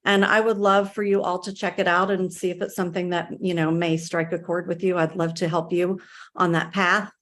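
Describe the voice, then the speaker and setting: A woman speaker closing her talk, halting with many fillers. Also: on the low side, level tone, a bit bright. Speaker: summit speaker. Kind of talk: closing remarks.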